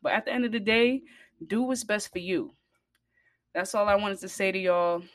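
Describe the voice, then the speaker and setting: A woman telling a personal story to her viewers in a casual way, blunt and profane, getting louder and higher when she gets heated. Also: normal speed, no room sound, studio quality. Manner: blunt, profane and animated, rising in pitch and volume when heated. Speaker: vlogger.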